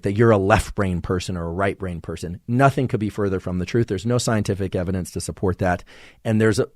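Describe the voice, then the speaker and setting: A man hosting a podcast, giving a measured, professorial solo explanation of science. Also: fairly low pitch, darkish tone, no room sound, studio quality. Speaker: podcast host.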